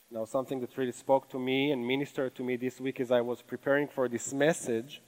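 A man's voice: medium pitch, a little mellow, low-quality recording. A man with a non-native English accent preaching a sermon from a church stage, earnest and conversational, with many rhetorical questions. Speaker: pastor.

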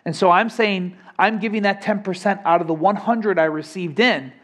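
A man's voice: high-pitched, moderate pace, a bit bright. A young adult man preaching a sermon in a conversational way, often asking the congregation questions. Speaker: pastor.

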